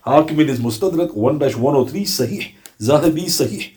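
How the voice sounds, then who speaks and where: A man's voice: on the high side, expressive, a little mellow. A man giving a religious lesson, posing rhetorical questions and reeling off lists of references. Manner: emphatic, rhetorical questions, rapid citation lists. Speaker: Islamic teacher.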